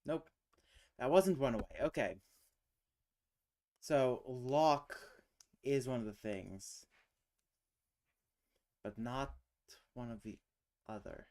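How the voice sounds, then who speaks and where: Male streamer, unhurried, thinks aloud in half-finished mumbles while puzzling. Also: mid-range voice, a little mellow. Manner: muttering, trailing off, self-questioning. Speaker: streamer hosting a casual language chat.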